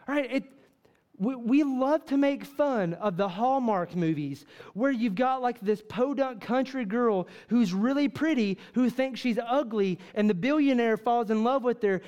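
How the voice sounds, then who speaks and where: A man's voice: extremely high pitch, a little slow, a little mellow. A man preaching a fervent sermon to a church congregation, full of rhetorical questions and repeated "right?" asides. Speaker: pastor.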